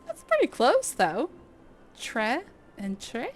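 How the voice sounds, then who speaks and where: A woman's voice: fairly high pitch, sing-song, slow pace, faint music behind. A woman from Texas streaming a game, chatting casually and laughing at herself often. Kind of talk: casual chat while playing.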